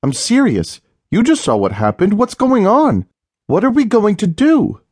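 A man voicing an anxious young woman watching TV news, speaking higher and with rising alarm. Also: big pitch swings, moderate pace, dry recording, studio quality.

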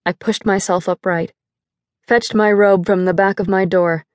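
A woman narrating a first-person audiobook in a measured, dramatic storytelling manner, close to a studio mic. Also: mid-range voice, steady tone, dry recording.

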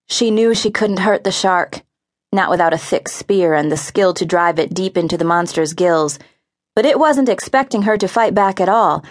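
A woman narrating a teen adventure audiobook with expressive, vivid storytelling. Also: fairly low pitch, normal speed. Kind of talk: scripted narration.

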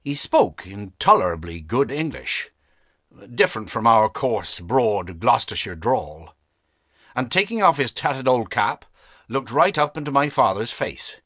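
In this scripted audiobook, a man narrates an unabridged classic novel with a steady, expressive storytelling delivery. His pitch is medium, and the dry, close studio capture has no echo.

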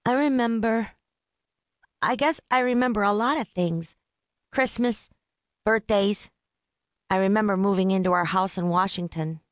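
A woman voicing a small eight-year-old boy with a high, reedy voice who answers plainly and hesitantly. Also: unhurried, long pauses, no room sound, lightly acted. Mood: unsure.

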